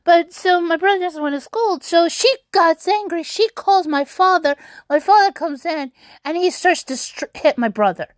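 A woman's voice: extremely high pitch, lively intonation, moderate pace, no room sound. A young woman telling an upsetting personal story on her vlog, rambling with many restarts and fillers. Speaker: YouTuber.

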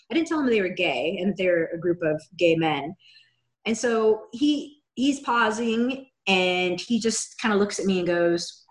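A woman's voice: mid-range voice, lively intonation, a little slow. A woman from Seattle telling a personal story in a candid, chatty way, with a wry, self-deprecating humor. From Seattle, USA. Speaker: guest sharing a personal story. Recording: roomy echo.

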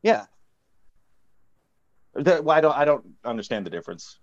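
A man rambles goofily through an improvised tech support call, drifting off topic at every turn. His voice sits at an ordinary middle pitch. The audio is dull and lo-fi. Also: sing-song, normal speed. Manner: rambling, goofy, digressive. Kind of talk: improv comedy phone call.

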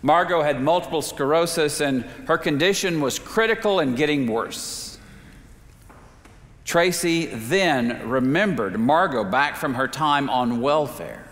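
A man preaching a sermon, telling a story in a measured way with slow, emphatic pauses. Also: on the high side, expressive, a bit bright. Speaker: pastor. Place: church sanctuary. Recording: reverberant sanctuary.

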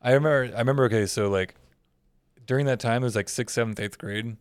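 A man's voice: medium pitch, quick pace, clean tone, no room sound. A young man in casual chat, telling stories loosely and crudely and slipping into goofy character voices. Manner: profane storyteller doing goofy character voices.

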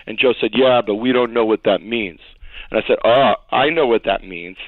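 Guy telling stories, super animated, does voices for quotes, tinny phone-ish sound, dry. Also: mid-range voice, moderate pace, no room sound. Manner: animated storyteller, acts out quotes, laughs often. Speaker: songwriter guest. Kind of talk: storytelling interview.

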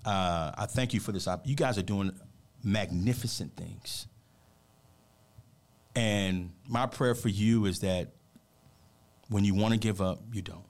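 A man's voice: lowish voice, unhurried, pauses often. A man who works as a motivational speaker, telling a personal story with heartfelt, emphatic, almost preacher-like earnestness during a radio interview.

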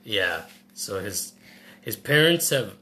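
A man reviewing a movie in casual chat, animated and acting out scenes in quick voices. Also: fairly low pitch.

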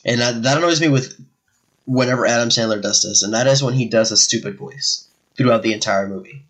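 A man's voice: mid-range voice, brisk, fairly bright tone, rough recording. A man co-hosting a casual movie podcast, talking in a laid-back way with many fillers and restarts. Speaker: podcast co-host.

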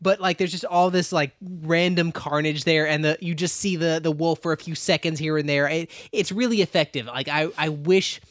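A man with a somewhat high voice talks in a laid-back, easygoing way, full of hesitant fillers. He chats casually about a film, and the close microphone is dry and free of room echo. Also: steady tone, normal speed, few pauses, fairly bright tone. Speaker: podcast co-host. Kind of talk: casual movie review chat.

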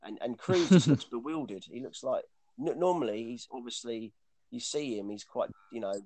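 A man's voice: medium pitch, moderate pace, mellow, no echo. A man chatting casually about films, rambling with lots of restarts and fillers.

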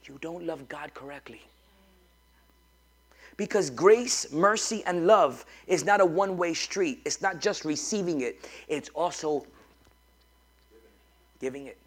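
Gravelly-voiced man preaching a sermon. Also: sits high, expressive, moderate pace. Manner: emphatic, repetitive call-and-response preaching. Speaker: pastor. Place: church before a congregation.

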